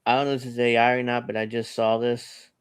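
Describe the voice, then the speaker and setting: A man's voice: mid-range voice, little pitch movement, quick pace, smooth. A man hosting a casual online news panel, rambling and reading posts aloud with frequent laughs. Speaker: host.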